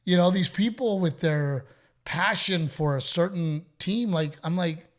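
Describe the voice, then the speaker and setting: A man's voice: high-pitched, a little slow. A Texan man hosting a podcast, chatting casually and telling stories with quoted dialogue and frequent laughs. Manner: storytelling, quotes others, laughs often. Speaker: podcast host. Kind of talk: casual chat.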